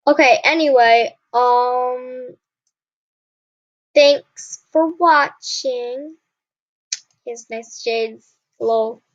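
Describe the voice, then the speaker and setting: A woman's voice: high-pitched, steady tone, extremely slow, long pauses, no echo. A young woman casually commenting on her gameplay, often frustrated and apologizing to her viewers. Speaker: gaming channel host. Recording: dull lo-fi sound.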